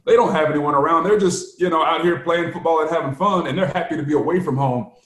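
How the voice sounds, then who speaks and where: Animated man telling stories, roomy sound. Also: fairly high pitch, quick pace. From United States. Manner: animated storyteller, laughs often. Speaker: podcast co-host, former player. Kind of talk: casual chat.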